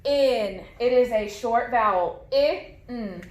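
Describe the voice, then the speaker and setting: A woman teacher walks young children through short vowel sounds, stretching each sound out slowly and repeating it for them to echo. Her voice sits a little high, and it rings in an echoey room. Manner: slow, clear, drawn-out modeling of sounds with repetition. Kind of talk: phonics lesson for young children.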